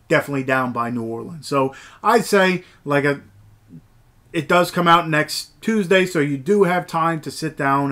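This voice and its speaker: Guy doing a chatty movie review vlog, kinda high voice, rambles a lot with "you know". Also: fairly bright tone. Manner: rambling, filler-heavy, enthusiastic. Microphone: camera mic, movies shelved behind.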